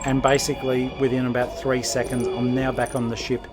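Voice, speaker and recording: A man's voice: medium pitch, level tone, a little fast, over music. Chatty man narrating gameplay. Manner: chatty, rambling, self-deprecating. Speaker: gaming podcast host. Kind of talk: let's play commentary.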